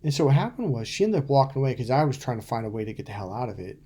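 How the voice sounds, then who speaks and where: A man's voice: mid-range voice, very animated, racing, dark tone, husky. A middle-aged man, a dating coach, talking bluntly and profanely to camera, telling stories and acting out quotes. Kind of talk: casual to-camera coaching talk.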